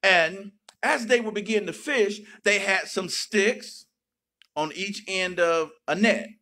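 A man pastor preaching a sermon, breaking into sudden shouts and playful asides. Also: high-pitched, slow pace.

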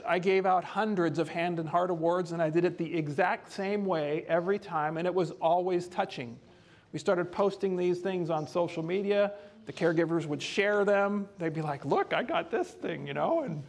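Brief: man, high pitch, home care trainer, chatty lively storyteller on stage. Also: normal speed. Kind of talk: storytelling presentation.

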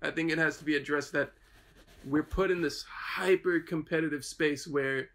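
A man's voice: a little high, steady tone, normal speed, a bit bright. A male student from New York recounting experiences in a documentary interview, with a conversational style full of fillers. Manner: conversational, uses many fillers.

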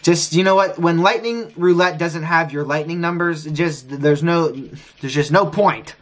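A man streaming a casino session, frustrated, talking excitedly and repeating his pleas to the wheel. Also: a little high, measured pace. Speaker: gambling streamer. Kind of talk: live casino session commentary.

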